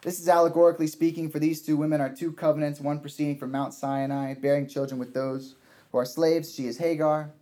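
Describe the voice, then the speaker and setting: A man's voice: on the high side, level tone, a little fast, warm tone. A man preaching a sermon, earnest, often restarting and repeating his points for emphasis.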